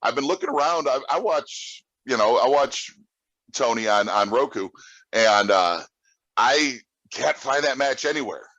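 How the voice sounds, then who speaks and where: A man's voice: mid-range voice, lively intonation, a little slow, sharp tone, no room sound, highs cut off. A man chatting as a podcast guest, rambling and crude, often laughing. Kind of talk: casual podcast chat.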